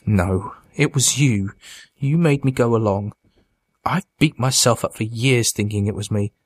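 A monstrous undead brother speaks in a scornful, taunting way, as a male narrator puts him on. The voice sits fairly low and is recorded close and dry, with no room around it. It is an audiobook horror figure, bitter and mocking. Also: measured pace, husky, no room sound. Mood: accusing. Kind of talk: audiobook character voice.

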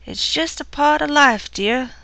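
A woman's voice: creaky, pushed and bright, dry recording, full character voice. A woman doing a stern, scolding older mother-in-law. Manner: brisk, scolding, raised pitch.

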